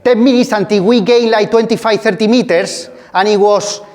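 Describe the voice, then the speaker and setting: A man co-hosting, animatedly telling stories from experience with loose, hurried grammar. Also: high-pitched, fairly even intonation, a little mellow, long reverb tail. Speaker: self-defence co-host. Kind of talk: storytelling in conversation.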